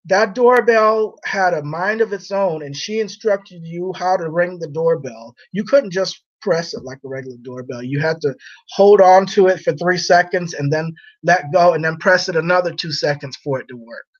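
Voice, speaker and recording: A man's voice: sits high, moderate pace, highs cut off. Rambling, laughing man on a livestream. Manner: rambling and teasing, laughs often. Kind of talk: casual chat on a livestream.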